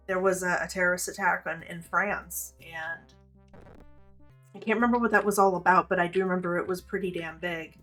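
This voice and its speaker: A woman in her thirties with a lowish voice, chatting casually while streaming a game. She rambles and swears freely, telling stories between plays. Faint game music sits under her voice. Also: fairly bright tone. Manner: profane, rambling, candid storytelling. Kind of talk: casual gameplay commentary.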